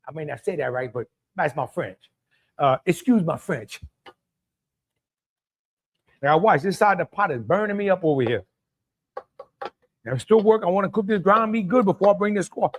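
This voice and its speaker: A middle-aged man with a Cajun accent hosting a live cooking stream, talking in a folksy way and greeting viewers by name. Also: high voice. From Louisiana. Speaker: cooking show host.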